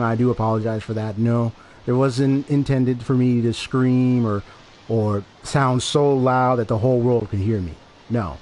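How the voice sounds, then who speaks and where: A man streaming a game and talking to his chat from a home setup, speaking into a desk microphone. He rambles and repeats himself as he explains his point over and over. His voice sits at a medium pitch, with a faint hiss behind it. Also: darkish tone. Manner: rambling, repetitive, defensive explaining. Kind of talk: casual livestream talk to chat.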